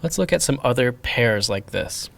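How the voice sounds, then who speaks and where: A man teaching a pronunciation lesson, explaining each sound deliberately and repeating sample words for the learner to hear. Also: medium pitch, lively intonation, creaky, a bit bright. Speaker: language teacher.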